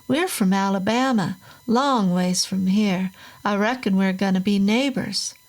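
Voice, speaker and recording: A grinning, friendly Southern man with a slow, drawling voice in a spoken horror tale, as a woman reader puts him on. He talks slowly and warmly. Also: mid-range voice, lightly acted.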